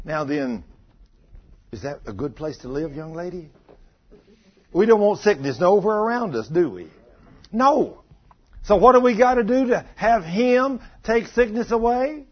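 A man's voice: sits high, lively intonation, measured pace, pauses often. A man preaching a folksy, conversational sermon and acting out the voices he quotes. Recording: muffled lo-fi recording.

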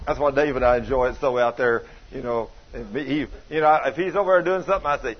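A man preaching a sermon in a folksy, animated, conversational way, full of homespun stories. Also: medium pitch, quick pace, hardly any pauses. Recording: dull lo-fi recording.

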